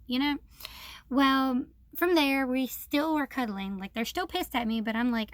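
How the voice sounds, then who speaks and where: Young woman, high pitch, dry close sound; blunt, profane vlog storyteller, aggrieved tone. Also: moderate pace, fairly bright tone, no room sound. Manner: frank and profane, with many fillers; aggrieved, quoting others in a mocking tone.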